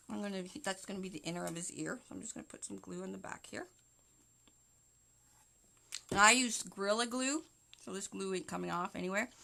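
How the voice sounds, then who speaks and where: Canadian woman hosting a crafting livestream, bright and chatty, a touch of faint background noise. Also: mid-range voice, gravelly. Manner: chatty, talks to viewers while working. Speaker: wreath-making livestream host. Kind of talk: casual live crafting tutorial.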